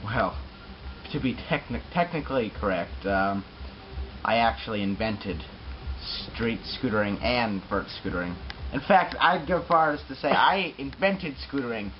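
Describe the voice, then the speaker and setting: A man's voice: mid-range voice, unhurried, muffled recording, soft background music, lightly acted. A man playing a boastful, crude pro scooter rider in a mock interview comedy sketch, rambling and bragging.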